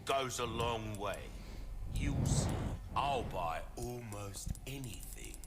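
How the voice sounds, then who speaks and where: A shrewd British weapons merchant. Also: male voice, medium pitch, animated, takes it slowly, very noisy. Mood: salesy. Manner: smooth salesman patter. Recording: game audio over music.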